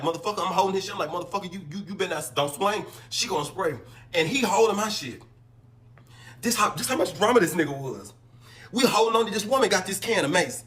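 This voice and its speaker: A man spins a story in a rough, animated, profane voice that sits a little high for a man. He jumps into the voices of the people he quotes. It sounds casual and unscripted. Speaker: storyteller in a clip.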